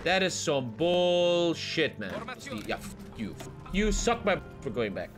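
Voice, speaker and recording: A man giving casual, excitable gameplay commentary while he plays, swearing often and swinging between loud outbursts and low mutters. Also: unhurried, music in the background. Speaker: gaming streamer.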